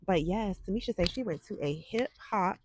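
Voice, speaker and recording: A woman's voice: medium pitch, expressive, normal speed, noisy background. A woman in her forties hosting a psychic livestream, chatting sassily and talking straight to her viewers. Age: 40s. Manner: chatty, sassy, talks to viewers directly. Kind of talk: casual livestream chat. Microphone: desk microphone.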